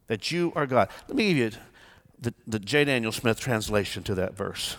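A man preaching a sermon as pastor, swinging from hushed pleading to loud declaration. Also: fairly low pitch, animated, moderate pace. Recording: long church reverb.

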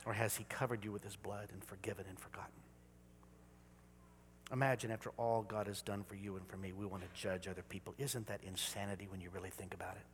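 A man preaching a sermon as pastor, moving between hushed whispers and loud exclamations. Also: on the low side, flat delivery, fast, slight background noise. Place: church. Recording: reverberant church hall.

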